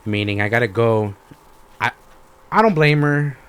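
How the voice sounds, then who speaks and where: A man's voice: medium pitch, unhurried, clear, resonant tone. A young man, hosting a podcast and ranting in casual, slangy, profanity-heavy storytelling. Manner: slangy, animated storytelling with lots of swearing. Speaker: podcast host.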